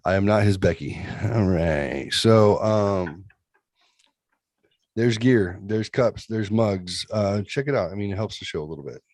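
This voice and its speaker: Middle-aged male host, deep voice, dry close sound, loose crude joking banter. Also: unhurried, a little mellow, no room sound. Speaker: podcast host. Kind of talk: casual chat.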